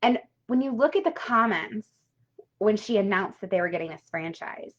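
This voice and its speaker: A woman's voice: medium pitch, lively intonation, normal speed. Chatty, swearing woman coaching live. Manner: chatty and emphatic, with frequent "right?" and casual swearing. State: tearful at times. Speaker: money coach hosting a live workshop. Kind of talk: casual live-stream teaching. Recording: dull lo-fi live-stream audio.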